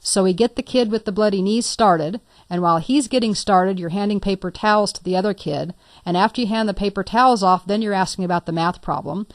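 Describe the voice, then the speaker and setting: A woman's voice: medium pitch, a little fast, dry recording. A woman teaching a recorded computer lesson, explaining with a playful, conversational story. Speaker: computer instructor. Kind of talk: recorded lecture.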